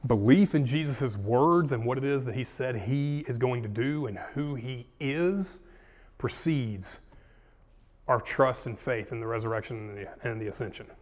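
A man's voice: mid-range voice, moderate pace, big-room sound. A man leading a casual Bible study, retelling scripture in slangy, folksy speech.

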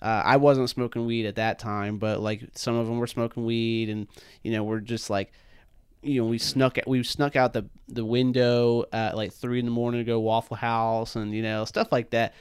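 Young guy rambling thru stories, swears a ton, says dude constantly, smooth clear voice, dry close mic. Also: mid-range voice, level tone, normal speed, dry recording. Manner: rambling, swears a lot, heavy fillers like "dude" and "man". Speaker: podcast co-host. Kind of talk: casual chat, storytelling.

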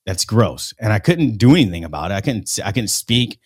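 A man's voice: lowish voice, big pitch swings, a little fast, breathy edge, no room sound, clean studio sound. A man on a casual podcast, telling long rambling stories full of profanity.

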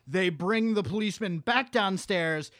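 Young guy w a high voice, rambly and sweary, dry close sound, telling a horror plot. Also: a little slow, fairly bright tone, no echo. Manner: rambling, profane, restarts a lot while storytelling. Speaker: podcast co-host. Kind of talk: casual chat retelling a horror movie.

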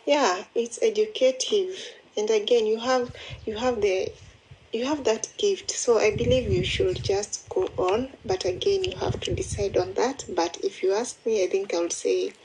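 Slow, apologetic woman in a voice message. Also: mid-range voice, slightly rough, rough recording. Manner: warm, apologetic, rambling with restarts. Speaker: listener replying by voice message. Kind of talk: casual voice message.

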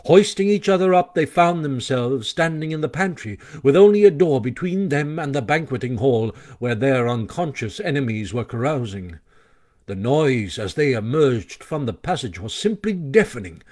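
A man reading a classic children's story aloud with expressive, animated narration. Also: medium pitch, moderate pace. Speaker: audiobook narrator.

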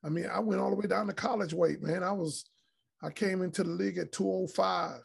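Here the retired basketball pro, a middle-aged podcast guest, talks in a high-pitched, husky voice with vocal fry, keeping a brisk tempo. He delivers animated anecdotes that are blunt and laced with swearing in a casual interview.

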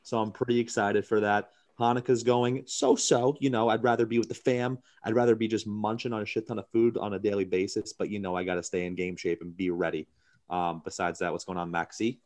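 A man's voice: lowish voice, little pitch movement, brisk, darkish tone. A man co-hosting a podcast, bantering loosely and rambling with jokes among friends. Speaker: podcast co-host.

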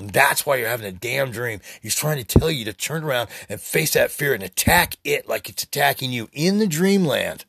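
A man's voice: mid-range voice, gravelly, a bit bright, slightly rough, no room sound, clean studio sound. A man in his sixties preaching in a rambling, profane spiritual monologue as a podcast host. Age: 60s.

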